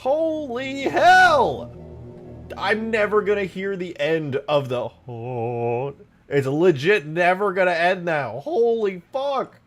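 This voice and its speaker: A man live-streaming casual chat, excitable and foul-mouthed, yelling thanks to his chat and then mumbling asides. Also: sits high, slow pace, pauses often, soft background music. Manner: excitable, swears a lot, yells thanks to chat; swings between mumbling asides and loud outbursts. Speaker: livestreamer and game modder.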